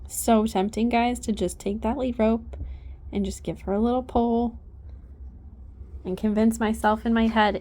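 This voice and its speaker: Chatty woman horse trainer, unhurried. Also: medium pitch, fairly even intonation, mellow. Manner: chatty, coaxing, talks to her horse. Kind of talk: casual instructional vlog.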